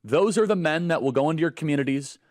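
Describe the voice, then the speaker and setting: A man's voice: a little high, fast talker, a little mellow, dry recording, studio quality. A man hosting a political talk show, speaking in an indignant, emphatic tone. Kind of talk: broadcast political commentary.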